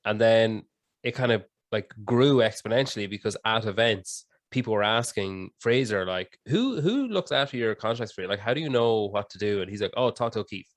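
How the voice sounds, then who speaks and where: A man's voice: fairly low pitch, lively intonation, brisk, no echo. A man hosting a casual podcast, asking long, laid-back, rambling questions. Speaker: podcast host.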